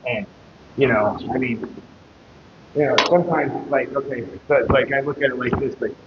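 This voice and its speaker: A man's voice: medium pitch, normal speed. A man telling a story on a casual live stream, swearing constantly and rambling. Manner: profane, rambling, laughs while telling stories. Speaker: fitness streamer. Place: gym, echoey room. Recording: echoey hall, dull lo-fi sound, noisy background.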